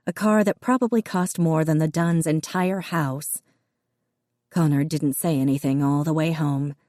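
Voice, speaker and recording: In a low-pitched voice, a woman reads an audiobook with a steady, measured delivery. The recording is studio quality, with no room sound.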